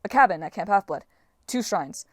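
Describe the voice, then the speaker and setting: A quick-witted teenage demigod hero, persuasive and fast-talking, read out by a woman. His voice stays in a middle register. Close, dry audiobook recording. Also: mid-range voice, expressive, slightly rough, dry recording.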